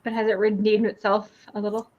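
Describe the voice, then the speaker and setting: A woman's voice: mid-range voice, little pitch movement, brisk. A woman hosting a casual book club chat, asking questions and laughing often. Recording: dull, lo-fi mic with faint noise.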